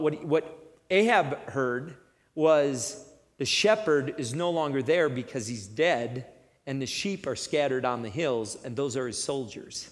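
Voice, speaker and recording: A man preaching a sermon in a conversational, animated manner, acting out the story as he tells it. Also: on the high side, normal speed, in a large hall.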